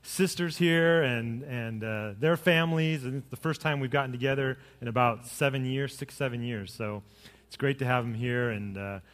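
A middle-aged man, a pastor, giving a sermon with jokes and storytelling that rise to lively emphasis. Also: mid-range voice, normal speed, long reverb tail.

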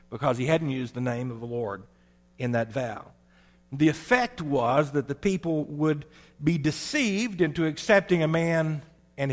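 Man preaching with measured emphasis. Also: fairly high pitch, in a large hall. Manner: measured, emphatic preaching with slow stressed phrases. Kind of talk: sermon.

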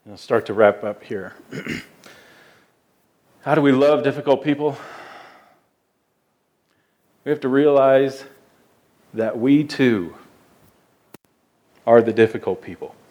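A man's voice: mid-range voice, takes it slowly, pauses often, darkish tone. Male pastor, mid-range voice, delivering an earnest, emphatic sermon. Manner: earnest, emphatic preaching with repeated words.

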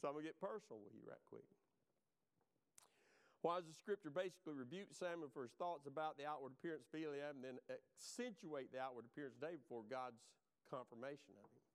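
Male pastor, sermon delivery, resonant and clear, slightly high voice, animated and talking straight to the congregation. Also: fast. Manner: animated preaching with wide swings in pitch and loudness, addresses the congregation.

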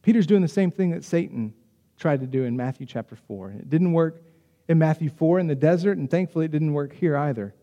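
A man preaching a sermon as the pastor, in a conversational, animated way with quick acted asides. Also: fairly high pitch, long reverb tail, lo-fi sound.

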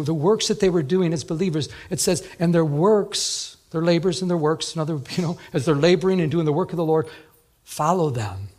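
A man preaching a sermon as a pastor, telling stories in a conversational way, often repeating words. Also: fairly high pitch.

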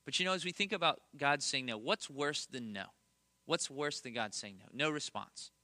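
A man's voice: mid-range voice, moderate pace, bright, forceful tone, no echo. A man in his thirties preaching a conversational sermon, earnest, with emphatic repetition and self-deprecating humor. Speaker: pastor.

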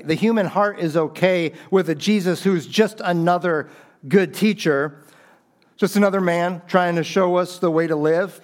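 A man preaching a sermon in an earnest, conversational way, explaining scripture with frequent restarts. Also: fairly high pitch. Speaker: pastor.

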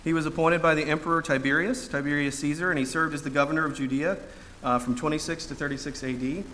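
A man delivers a sermon in a bright, forceful voice that sits a little high. He talks conversationally, with plenty of ums and restarts, and drops dry jokes. Faint noise hums behind him. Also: steady tone, fast. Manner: conversational with frequent fillers and restarts; dry humor. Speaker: preacher.

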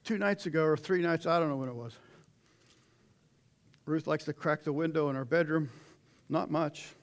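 A middle-aged man delivers a sermon in a folksy, conversational way. His voice sits a touch higher than most men's. He is animated and now and then breaks into a sudden shout. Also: normal speed. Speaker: preacher.

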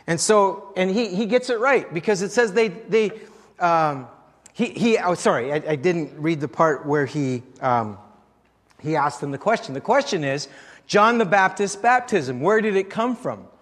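High-voiced male pastor preaching in a reverberant hall. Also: expressive, unhurried, a bit bright. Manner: conversational, rhetorical questions to the congregation. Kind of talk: sermon.

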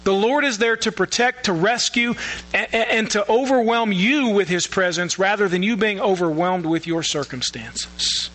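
Pastor, male, earnest preaching delivery, bright tone, slight mains hum. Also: high voice, normal speed, rough recording. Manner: earnest preaching with repeated restarts. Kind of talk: sermon.

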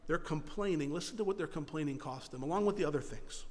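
Man, pastor, sermon, high voice, long hall echo, animated storytelling, hushed solemn asides. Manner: animated storytelling with rapid repetitions and self-mocking asides; drops to a low, quiet voice for solemn points.

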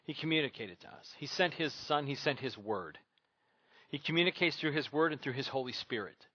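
A man's voice: medium pitch, animated, a little fast, pushed and bright, dry recording, dull audio. A man preaching a sermon as pastor, emphatic and repetitive.

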